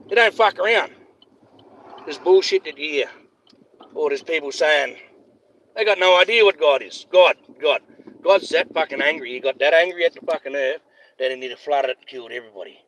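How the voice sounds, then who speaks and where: A man delivers a heated, profane livestream rant, circling back over his points again and again. His voice sits high for a man. Faint hiss runs under him. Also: lively intonation, normal speed, fairly bright tone. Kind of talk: ranting livestream monologue.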